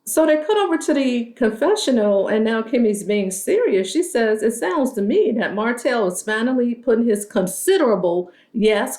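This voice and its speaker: A woman's voice: fairly high pitch, darkish tone. A woman giving a casual, sassy recap of a reality show, gossiping and acting out what the cast said. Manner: sassy, gossipy, acts out quotes in shifting voices. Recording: roomy echo.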